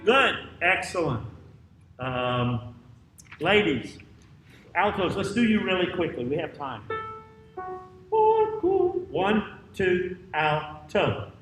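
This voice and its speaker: A man directing a choir rehearsal, counting off, singing out parts and giving brisk instructions in a rehearsal room with a piano. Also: fairly high pitch, lively intonation. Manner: brisk counting and sung demonstrations. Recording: roomy, distant mic with piano.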